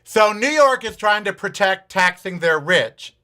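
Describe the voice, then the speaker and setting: A man's voice: high voice, expressive, unhurried, sharp tone. A man hosting a political talk show, ranting with profanity, sarcasm and repeated challenges to his audience. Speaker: podcast host.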